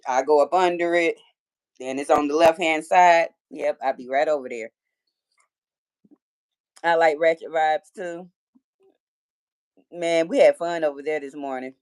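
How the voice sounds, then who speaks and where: A low, slightly mellow voice belongs to a Detroit-accented woman in her forties hosting a casual livestream. She reads viewers' comments aloud and chats with them, full of playful trash talk.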